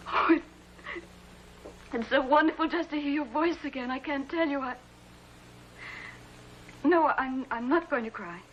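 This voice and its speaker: An actress playing a lonely, desperate woman pleading on the phone, halting and stammering, tearful, in a 1950s TV drama acting style. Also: high voice, a bit bright, a little hiss or hum. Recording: muffled old TV soundtrack with music.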